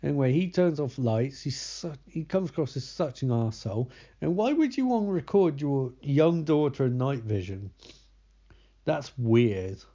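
Young man, mellow voice, sardonic movie recapper who curses freely; slightly muffled lo-fi recording. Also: mid-range voice, lively intonation, normal speed. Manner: sarcastic, swears often, loses track of names. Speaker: movie commentator.

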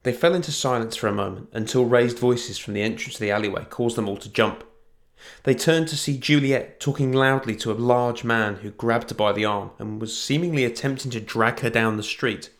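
A man narrating a fantasy story in an even storytelling manner. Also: mid-range voice, fairly quick.

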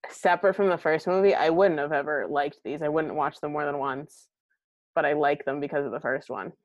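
A woman's voice: sits low, brisk, no room sound, highs cut off. A young woman hosting a podcast in casual chat, rambling with lots of fillers and poking fun at herself. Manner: rambling, filler-heavy, self-deprecating. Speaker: podcast host.

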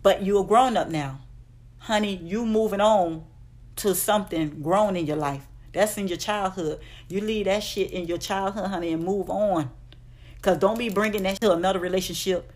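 A woman's voice: medium pitch, normal speed, darkish tone. A woman giving blunt, profane relationship advice in a casual vlog rant, calling her listeners "honey". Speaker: advice vlogger.

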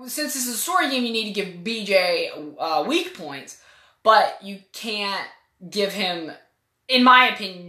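Woman podcaster, bright forceful voice, swears casually while reviewing a game. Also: medium pitch. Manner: opinionated, profane, rambling. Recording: echoey room.

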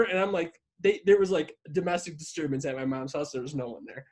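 Husky, high-voiced podcast host. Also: male voice, brisk, hardly any pauses. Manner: animated, profane, plays out quoted voices. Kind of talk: casual storytelling chat.

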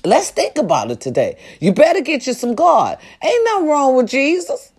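A woman delivering a comedic rant to her viewers, loud and profane, hollering with big swings in her voice. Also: sits high, huge pitch swings, normal speed.

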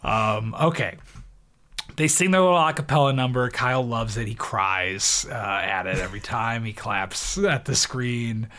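A man's voice: medium pitch, unhurried, bright, forceful tone. A man in his thirties co-hosting a podcast, recapping a film in casual chat with joking asides and frequent laughs. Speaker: podcast co-host.

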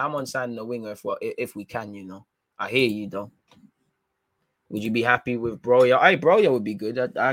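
A man's voice: mid-range voice, a bit bright, dry recording. A young man, casually chatting through viewer comments on a football livestream, slangy and trailing into fillers. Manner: laid-back slangy banter, trailing off into fillers.

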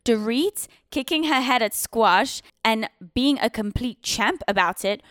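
A woman's voice: a little high, expressive, measured pace, a bit bright, dry recording, clean studio sound. A young woman, hosting a podcast, giving blunt, sassy opinions and swearing freely. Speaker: podcast host. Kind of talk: casual opinionated recap.

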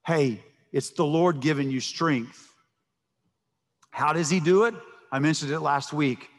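A man's voice: on the high side, a little slow. A man preaching a sermon as pastor, emphatic and prone to repeating words as he starts a thought, recorded in a church sanctuary. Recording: long reverb of a large hall.

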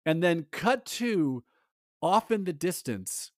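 A man co-hosting a podcast in casual chat, animated and rambling, acting out lines from a movie. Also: fairly high pitch, takes it slowly, no echo, studio quality. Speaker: podcast co-host.

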